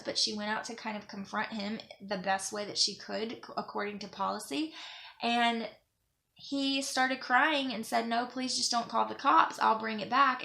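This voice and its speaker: Young woman vlogger, bright raspy-edged voice, earnest and emotional, rambling monologue. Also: a little high. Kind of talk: casual monologue to camera.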